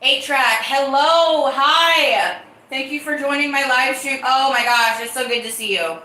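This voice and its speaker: A woman's voice: high voice, measured pace, sharp tone, roomy sound. A woman hosting her own live-stream podcast, talking casually and greeting viewers in the chat. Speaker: livestream podcast host.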